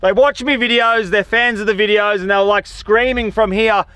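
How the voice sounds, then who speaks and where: This is an Australian man vlogging outdoors in desert dunes and scrub. His voice sits high and comes through smooth and clear. He talks in a chatty, slangy, excitable way, and the sound is dry with no echo. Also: normal speed. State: tired. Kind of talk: casual outdoor vlog talk.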